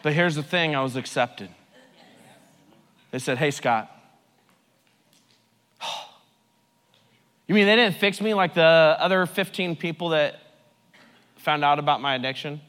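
A man preaching a sermon with personal testimony at a recovery ministry, swinging between loud joking and hushed, earnest delivery. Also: on the high side, unhurried, pauses often, clean tone, in a large hall.

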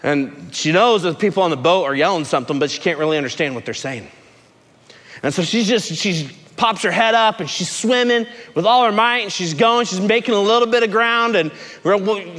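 A man preaching a sermon to a recovery group, telling a story with lively swings from shouting to soft, low speech. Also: a little fast, long reverb tail. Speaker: pastor at a recovery ministry. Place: large room with a gathered group.

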